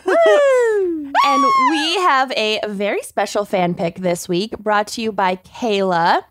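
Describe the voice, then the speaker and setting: A woman's voice: mid-range voice, lively intonation, unhurried, fairly bright tone. Upbeat woman podcast co-host. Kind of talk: casual chat with scripted promo reads.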